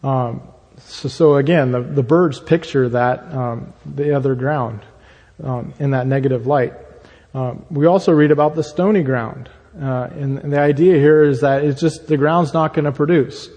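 A man's voice: mid-range voice, fairly even intonation, normal speed, mellow. A man preaching a sermon and explaining Scripture, teaching with many fillers and restarts. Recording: long reverb in a hall.

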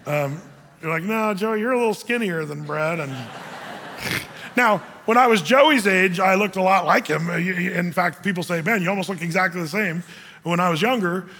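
A man's voice: sits high, moderate pace, gravelly, bright, forceful tone, slight background noise. A middle-aged male pastor preaching a sermon in a conversational, self-deprecating way, often restarting his phrases. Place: church hall. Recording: long hall reverb.

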